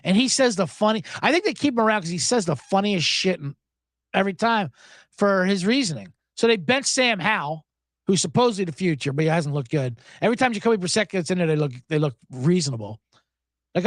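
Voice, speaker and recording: A man's voice: sits high, sing-song, a little fast, a bit bright, dry recording, studio quality. A man hosting a sports betting podcast alone, talking casually in a sarcastic, profane way and laughing often. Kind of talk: casual solo podcast talk.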